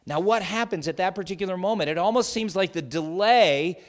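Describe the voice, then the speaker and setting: A middle-aged man preaching an expository sermon with a voice pitched a little high. He sinks into hushed, tender passages, then climbs to loud, emphatic peaks, and his pace speeds up and slows down within the same sermon. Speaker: pastor.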